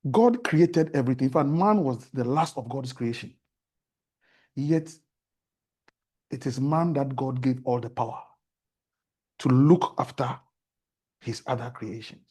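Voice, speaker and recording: A Ghanaian man speaks as a talk-show guest, turning his stories into earnest preaching about faith. His voice is mellow and soft, with a slight husk to it. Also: mid-range voice, a little slow, long pauses, breathy edge.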